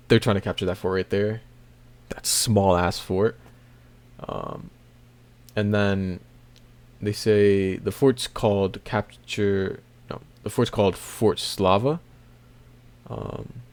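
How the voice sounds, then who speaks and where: A man with a lowish voice talks slowly through a comic chapter in a loose, rambling recap. He drops in plenty of "um"s and "uh"s and chuckles to himself. He sounds unhurried and offhand. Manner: rambling, with many fillers and soft laughs. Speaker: manga recap video host. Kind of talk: casual chapter recap commentary.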